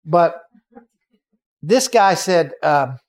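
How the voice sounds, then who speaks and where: Animated male preacher, fairly high voice. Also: very slow. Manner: animated, acts out quoted voices and shouts. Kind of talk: sermon storytelling.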